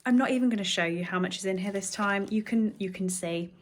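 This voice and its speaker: A young woman chatting casually in a book vlog, rambling and quick to gush. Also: mid-range voice. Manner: gushing, excitable, rambling. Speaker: book vlogger.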